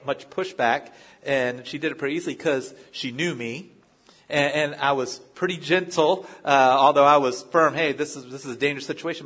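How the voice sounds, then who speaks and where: A male pastor preaching a sermon with a slightly husky voice. He speaks in a conversational style, telling personal stories. He often restarts his phrases as he goes. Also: medium pitch, fairly bright tone. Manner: conversational, story-driven preaching with frequent restarts.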